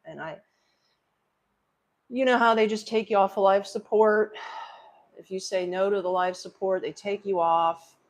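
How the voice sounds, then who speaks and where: A middle-aged woman hosting a livestream, telling a personal story to her chat in a rambling, emotional, casual way. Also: lowish voice. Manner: rambling, emotional, talks straight to viewers. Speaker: livestream host.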